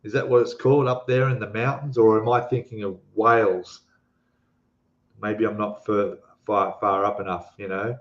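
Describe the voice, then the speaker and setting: In a lowish, steady voice at a moderate pace, a man with an Australian accent casually reads comments and talks with his live stream viewers. The rambling chat is packed with fillers and restarts, recorded in an echoey room with dull lo-fi quality.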